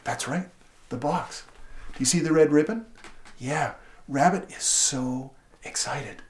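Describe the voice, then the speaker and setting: A man demonstrating how to read a picture book aloud to a child, playful and animated, asking many questions and gasping and laughing in surprise. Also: fairly high pitch, unhurried. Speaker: literacy educator. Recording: roomy echo.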